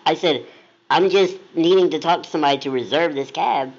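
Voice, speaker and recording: A man's voice: a little high, normal speed. A man co-hosts a casual chat and tells his story with plenty of energy, acting out the voices of the people in it. The recording sounds dull and lo-fi. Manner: animated, acts out quoted voices. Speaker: blog co-host.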